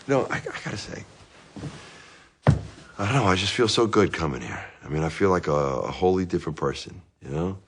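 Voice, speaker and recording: An actor playing a middle-aged divorced dad in therapy, rambling and self-justifying in a comic monologue, with bursts of anger. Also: male voice, sits low, lively intonation, a little fast, background noise. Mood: self-pitying. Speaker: therapy patient.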